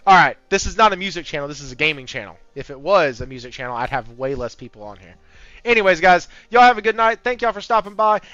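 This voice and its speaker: A man hosting a casual gaming podcast, talking in an amped-up, high-energy way and swearing freely. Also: sharp tone, no echo. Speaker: podcast host. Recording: slightly muffled audio with faint background music.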